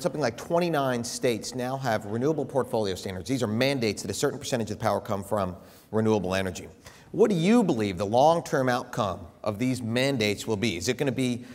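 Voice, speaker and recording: Male moderator, mid pitch, fast and businesslike; hall reverb. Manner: brisk, businesslike questioning. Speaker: debate moderator. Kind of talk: moderating a conference panel. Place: conference hall. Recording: long hall reverb from a conference stage.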